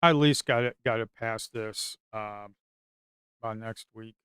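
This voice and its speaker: A man giving casual, rambling commentary on his trading screen, excitable and slangy. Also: fairly low pitch, a little slow, smooth, dry recording, studio quality. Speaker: futures trader and video host.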